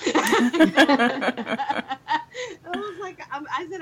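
A woman's voice: on the high side, animated, measured pace, a bit bright. A woman filmmaker telling a personal story in an interview over a video call, earnest and emotional, laughing often. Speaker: filmmaker guest. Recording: slightly dull lo-fi sound.

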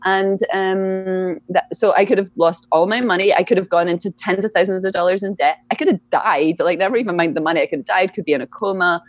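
Chatty woman with a low voice. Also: fairly even intonation, brisk, hardly any pauses, no room sound. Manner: chatty, laughs often, many fillers. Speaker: guest, EFT practitioner. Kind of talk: casual interview talk.

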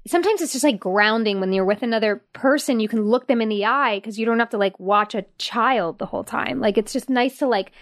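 A woman's voice: a little high, brisk, few pauses. A woman in her thirties hosting a casual podcast, chatting encouragingly with "yeah" and "like" sprinkled throughout. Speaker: podcast host. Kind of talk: casual chat.

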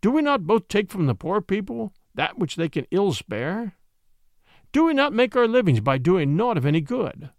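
A man's voice: high-pitched, vocal fry, dry recording, clean studio sound, full character voice. A man playing a merry, bold young outlaw disguised as a beggar, talking in a cheerful, teasing, sly way.

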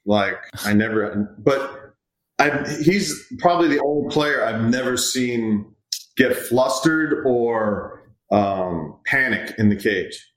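This medium-pitched man speaks slowly, a middle-aged hitting coach rambling through player stories in a casual interview chat. He's relaxed, voices the players he quotes, and the room around him echoes.

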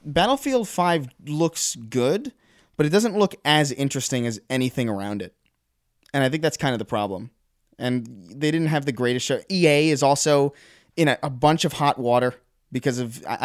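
Man, podcast co-host, casual chat, mid pitch, hesitant restarts, dry close sound. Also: dry recording. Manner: conversational, hesitant, many restarts.

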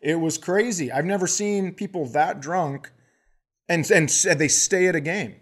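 A man's voice: fairly high pitch, a little slow. A man co-hosting a podcast, telling a casual comic story and acting out the people in it. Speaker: podcast co-host.

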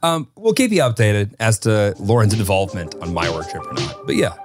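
A man's voice: lowish voice, animated, brisk, over loud music. A man co-hosting a podcast in casual chat, dry and teasing. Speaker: podcast co-host.

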